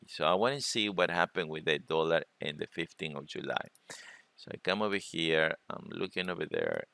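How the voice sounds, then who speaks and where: A man presenting a trading webinar, talking through charts in a halting way and often repeating words. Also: a bass voice, vocal fry, sharp tone, no echo. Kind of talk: screen-share trading lesson.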